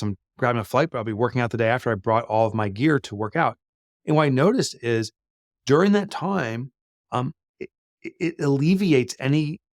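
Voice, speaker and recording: Middle-aged man, mid-pitched, loose and talky with lots of "uh"s, recorded close and dry. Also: no echo. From United States. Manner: chatty, frequent fillers and restarts. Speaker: guest, business author. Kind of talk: conversational interview answers.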